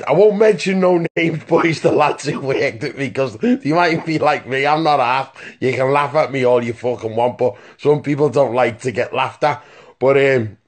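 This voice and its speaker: A man telling a rambling, profane story in a phone voice message, stopping often to ask "right?". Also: medium pitch. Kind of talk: casual voice-note anecdote.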